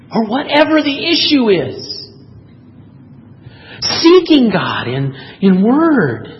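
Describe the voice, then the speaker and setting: A man's voice: high voice, long reverb tail, lo-fi sound, slight background noise. A man preaching a sermon, telling stories and acting out quotes with energy. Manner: animated storyteller, voices quotes. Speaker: pastor.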